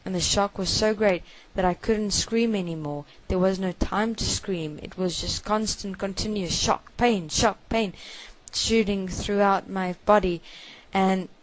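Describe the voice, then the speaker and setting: A woman giving a first-person spoken confession, halting and hushed, with many repetitions. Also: medium pitch, low-quality recording.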